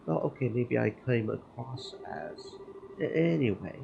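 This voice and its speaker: A man reading Kevin, a gravelly flirting priest. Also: mid-range voice, big pitch swings, measured pace, mellow, highs cut off, heavily acted. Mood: flirty. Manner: teasing, easygoing banter. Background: game music.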